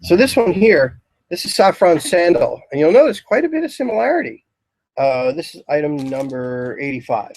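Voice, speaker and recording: A man giving a casual, rambling talk on incense in a shop, describing scents with many pauses. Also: a little high, sing-song, a little mellow, dry recording, poor audio. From Philadelphia area, US. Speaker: incense store lecturer. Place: shop, indoors.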